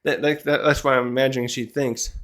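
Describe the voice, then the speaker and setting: A man's voice: medium pitch, steady tone, a little fast, a bit bright. A man hosting his own channel, recapping and reacting to a comic chapter in casual commentary, thinking aloud as he goes. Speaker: manga chapter reviewer, channel host.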